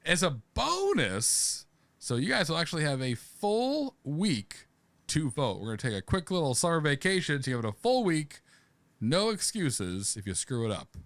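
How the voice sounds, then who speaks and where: A man's voice: a little high, huge pitch swings, moderate pace, a bit bright, no room sound. A man co-hosting a podcast, joking around in casual chat and often trailing off mid-sentence. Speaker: podcast co-host.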